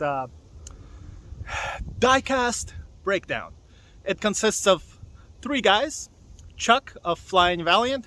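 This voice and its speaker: A man's voice: high voice, pushed and bright. Breathless young man vlogging in the woods. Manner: loose and chatty, full of fillers and restarts. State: slightly out of breath from walking. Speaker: hot wheels vlogger. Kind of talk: rambling casual vlog talk. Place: alone outdoors in a forest.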